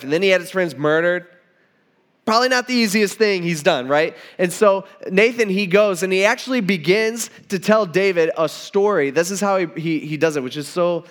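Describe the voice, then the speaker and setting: A man preaching a sermon in a casual, conversational way, retelling a story and acting out its dialogue. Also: on the high side. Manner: conversational, acts out dialogue, many restarts.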